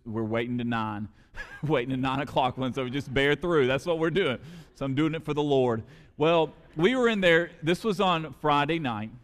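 A man preaching a sermon as pastor, moving from storytelling into fervent preaching. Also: medium pitch. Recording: long hall reverb.

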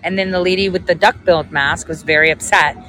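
A woman's voice: on the low side, fairly even intonation, fast talker, background noise. A woman telling a story in a casual vlog, chatty and sarcastic, often laughing. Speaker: vlogger.

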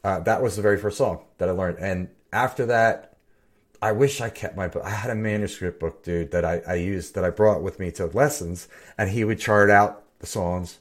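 A middle-aged man, a bassist and podcast co-host, chatting casually and telling rambling stories with many restarts. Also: moderate pace. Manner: rambling, self-interrupting storyteller. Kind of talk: casual chat.

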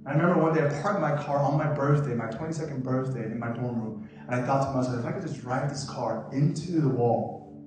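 A young man from Korea preaching a passionate sermon as a youth pastor, moving between quiet confession and shouted exhortation. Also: medium pitch, a little fast. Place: church sanctuary. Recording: very echoey hall with loud music behind.

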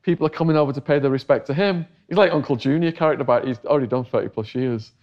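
A man's voice: medium pitch, racing, highs cut off. A middle-aged English man telling a long story in a casual interview, acting out the voices of the people he quotes. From England. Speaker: interview guest.

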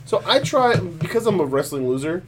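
A man co-hosting a casual podcast, talking in an animated, opinionated way and laughing often. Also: high-pitched, a little fast, a little hiss or hum. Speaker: podcast co-host. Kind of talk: casual chat.

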